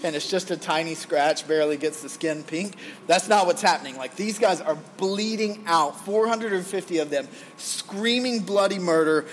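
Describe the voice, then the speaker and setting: A man in his forties delivers a sermon in a high, bright-toned voice. He talks like he's chatting with friends, then throws himself into acting out frantic shouting. A faint noise floor sits under the recording. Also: normal speed, hardly any pauses. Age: 40s. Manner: animated, acts out the prophets' frantic screaming; conversational, folksy asides. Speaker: pastor.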